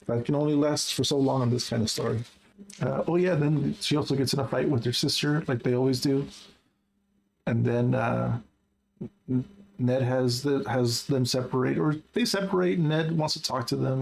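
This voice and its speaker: A man's voice: mid-range voice, creaky, slight background noise, poor audio. A man casually recapping a book he read, chatty and wry with lots of asides. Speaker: book journal vlogger.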